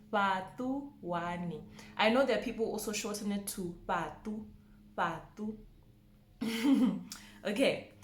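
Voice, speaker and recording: A woman teaching a pronunciation lesson, slowly repeating each word with care. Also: medium pitch, echoey room. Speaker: language teacher.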